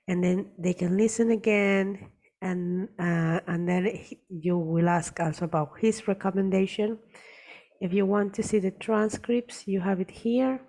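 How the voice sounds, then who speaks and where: A woman teacher walks through a software tutorial on screen and explains things step by step. She speaks very slowly and deliberately. Her pitch sits in an ordinary middle range. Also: fairly even intonation, creaky.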